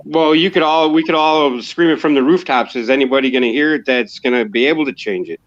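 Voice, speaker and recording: A man's voice: mid-range voice, a little fast, a little hiss or hum. A man in a casual group voice chat, loose and chatty, laughing easily. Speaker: chat participant. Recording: dull lo-fi audio.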